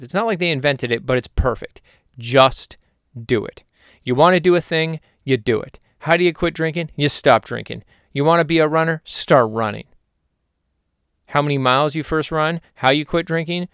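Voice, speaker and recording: A man's voice: medium pitch, fairly bright tone, smooth, no echo, clean studio sound. A man hosting a solo podcast in a casual, jokey, rambling way. He is also a hypnotherapist and sometimes talks to himself.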